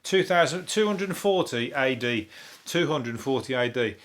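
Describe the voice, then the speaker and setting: An English comedian hosts his podcast in loose, rambling chat, dropping swear words freely and chuckling between thoughts. His voice sits at an ordinary, middling pitch for a man. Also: lively intonation, measured pace, a bit bright.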